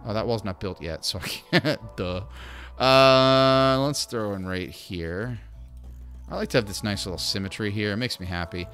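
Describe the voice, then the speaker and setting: A man's voice: lowish voice, moderate pace, fairly bright tone, soft background music. A man streaming a video game, chatting casually and talking to the game's characters. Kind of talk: casual gameplay commentary.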